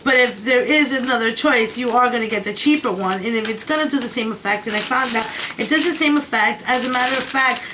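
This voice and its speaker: A woman's voice: on the high side, fairly quick, few pauses, background noise. A woman rambling in a casual video diary, chatty and exasperated as she vents. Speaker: vlogger.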